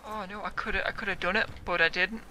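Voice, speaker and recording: A young man, a gaming YouTuber, giving loud, excitable commentary on his own play, yelling, swearing and laughing. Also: high-pitched, fast, slight background noise.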